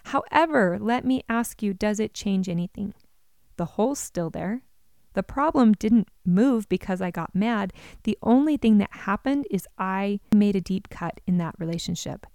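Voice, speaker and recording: A woman in an advice talk for parents, earnest and encouraging as she speaks straight to the listener. Her voice is smooth and resonant, and it sits at an ordinary middle pitch. The sound is dry, with no room echo. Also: lively intonation, normal speed, darkish tone. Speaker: parenting educator.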